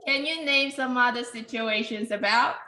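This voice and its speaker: A woman's voice: a little high, normal speed, bright, forceful tone, roomy sound, poor audio. A woman teaching an English pronunciation class, patiently explaining and calling on students by name.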